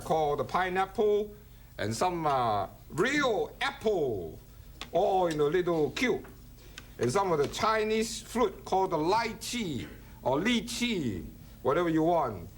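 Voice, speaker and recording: A man hosting a cooking show, joking and chatting playfully while he demonstrates. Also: on the high side. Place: studio kitchen. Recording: kitchen clatter and chopping noise.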